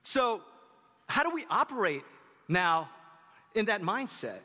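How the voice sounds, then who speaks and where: A man's voice: sits high, very animated, a little slow, pushed and bright, big-room sound. A man preaching a sermon to his congregation in a conversational way, with asides to the audience. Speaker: pastor. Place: church sanctuary.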